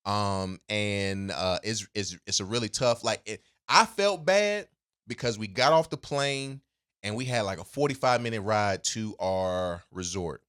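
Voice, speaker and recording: A man's voice: fairly low pitch, unhurried, a bit bright, smooth. A man co-hosting a podcast, telling a story in a loose, rambling way with many fillers and restarts, and laughing easily. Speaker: podcast co-host. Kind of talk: casual chat.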